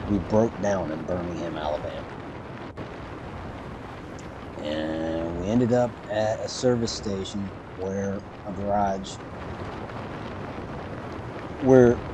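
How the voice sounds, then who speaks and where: A man's voice: sits low, background noise. A man streaming a game, telling a rambling story with dry humor and frequent self-corrections. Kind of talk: casual storytelling while streaming.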